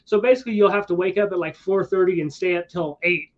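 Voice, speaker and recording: High-voiced man spinning a rambling yarn. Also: fast talker. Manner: rambling, conversational, with slangy asides and restarts. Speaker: streamer. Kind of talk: casual storytelling to a listener. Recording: dull lo-fi sound.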